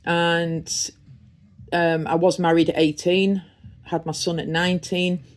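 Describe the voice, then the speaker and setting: A woman's voice: fairly low pitch, flat delivery, a little slow. A middle-aged woman from the North East with a Teesside accent, chatting casually and rambling through an unboxing vlog. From Redcar, North East England. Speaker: vlogger.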